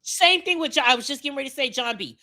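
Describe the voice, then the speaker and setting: High, bright-voiced Miami woman ranting. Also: lively intonation, very fast. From Miami, Florida. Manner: profane, emphatic, blunt. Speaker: podcast co-host. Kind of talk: casual podcast rant.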